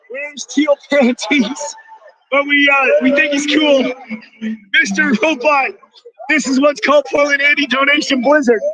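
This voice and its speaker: A man live-streaming outdoors at a rally, excitably shouting thanks to donors with a strained voice. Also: extremely high pitch, poor audio. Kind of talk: excited live-stream chatter reading donations.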